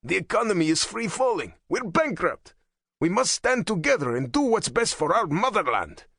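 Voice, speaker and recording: A man narrating an audiobook voices a fervent hardline male politician, raspy, harsh and impassioned. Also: on the high side, big pitch swings, moderate pace, dry recording, clean studio sound, voice pushed up, full character voice. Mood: urgent. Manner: impassioned, intense.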